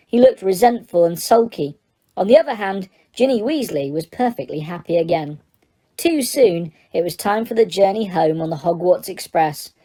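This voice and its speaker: A woman with a mid-range voice narrates an audiobook, reading scripted text in a steady, even storytelling manner.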